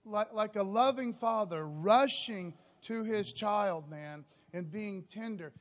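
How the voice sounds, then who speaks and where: A man preaching a sermon as pastor in a church, casual and energetic, peppering his talk with "okay" and "man.". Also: high voice, slow pace.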